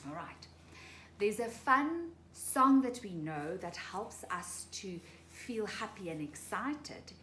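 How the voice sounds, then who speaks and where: Woman, preschool teacher, singsong and playful, slow delivery, echoey room. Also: medium pitch, sing-song, fairly bright tone. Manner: singsong, playful, talks to small children. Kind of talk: remote morning circle for young children. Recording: echoey room with faint hiss.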